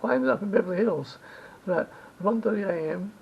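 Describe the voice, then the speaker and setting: A man with a high, heavily gravelly voice rambles through travel tips, circling back and restarting his sentences. The recording is dull and lo-fi, with a faint rumble underneath. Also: quick pace. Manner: rambling, repeats himself, self-corrects. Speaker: travel vlogger. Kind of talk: rambling travel advice monologue.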